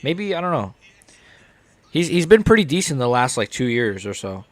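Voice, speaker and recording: A man's voice: medium pitch, very animated, moderate pace, no echo. A young American man hosting a live stream, reacting to fights in a rambling, casual, jokey way.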